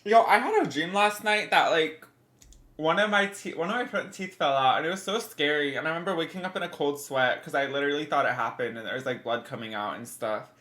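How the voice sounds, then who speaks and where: A woman's voice: low voice, brisk, fairly bright tone. A young woman in her twenties, a bit congested, rambling casually as she answers her livestream chat.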